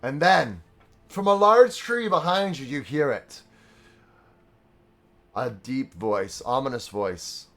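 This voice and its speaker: A man's voice: medium pitch, expressive, slow pace, long pauses, fairly bright tone. A young man running a live-streamed tabletop game as dungeon master, mixing casual banter with dramatic narration. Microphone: streaming microphone.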